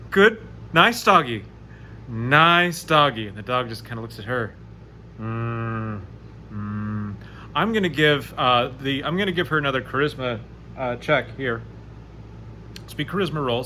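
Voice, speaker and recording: A man narrating a solo tabletop game, chatty and animated as he rolls dice aloud. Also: mid-range voice, slight background noise. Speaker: game master playing solo.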